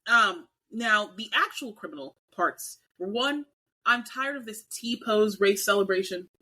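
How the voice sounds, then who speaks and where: A woman's voice: mid-range voice, expressive, a little slow, bright, forceful tone, low-quality recording. A young adult woman co-hosting a casual podcast chat, ranting animatedly with mock outrage. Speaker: podcast co-host.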